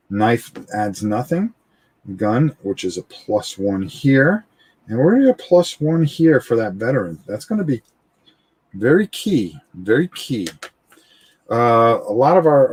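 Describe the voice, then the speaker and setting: Husky-voiced man hosting a board game stream. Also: medium pitch, a little mellow. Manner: thinks aloud, chatty, repeats words, frequent "all right". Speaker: host of a live tabletop game stream. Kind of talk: casual live playthrough, explaining rules. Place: indoors at a gaming table, filmed from overhead.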